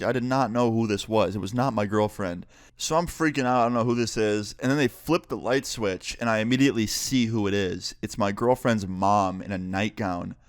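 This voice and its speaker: A young man and YouTuber telling a story in an animated, profane, excitable way. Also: lowish voice, no room sound, studio quality. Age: young adult. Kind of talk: storytime vlog.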